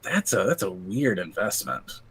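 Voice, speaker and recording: A man's voice: sits low, huge pitch swings, measured pace, a bit bright, husky. A man chatting casually on a podcast, rambling with lots of fillers, cracking crude jokes and laughing often. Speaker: podcast co-host. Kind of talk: casual chat.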